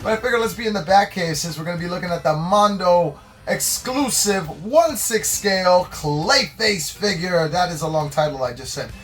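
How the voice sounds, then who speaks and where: A man hosting a toy review in casual chat, excitable and jokey, swearing freely. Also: sits high, normal speed, hardly any pauses, soft background music. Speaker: host.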